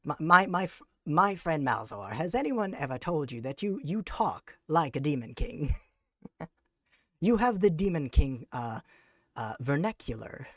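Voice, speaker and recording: A streamer chatting live on a desk mic, using grand, formal, mock-villainous phrasing with sarcastic deadpan jokes. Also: medium pitch, unhurried, no echo, studio quality. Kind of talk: casual live-stream chat.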